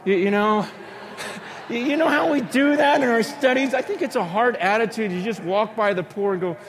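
A man preaching as a pastor, telling a story conversationally with many asides, swinging between excited outbursts and hushed earnest lows. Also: normal speed, noisy background. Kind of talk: sermon storytelling.

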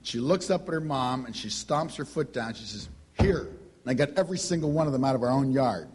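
A man's voice: mid-range voice, lively intonation, quick pace, darkish tone, a little hiss or hum. A middle-aged man giving a teaching talk on Christian parenting, telling family stories and acting out the dialogue. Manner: storytelling, acts out family dialogue.

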